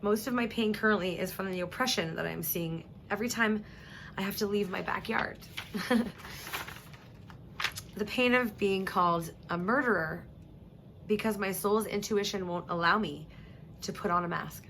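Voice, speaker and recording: Emotional woman talking to her followers, heartfelt and halting, faint hiss behind. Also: mid-range voice, fairly bright tone. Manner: earnest, heartfelt, halting with restarts and throat-clearing. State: emotional, near tears. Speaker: vlogger. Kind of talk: emotional personal address to viewers.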